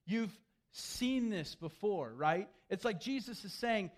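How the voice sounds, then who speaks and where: High-voiced male pastor preaching animatedly. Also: takes it slowly. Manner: animated, acts out quoted voices. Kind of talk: sermon.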